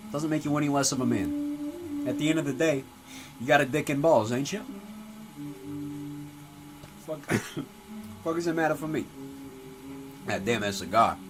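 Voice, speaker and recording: A man playing a gruff, foul-mouthed, middle-aged mob-style father in a comedy sketch. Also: fairly high pitch, unhurried, pauses often, lightly acted, poor audio. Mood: fatherly lecture. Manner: swaggering, profane, tough-guy drawl. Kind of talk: comedy sketch character acting. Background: music playing.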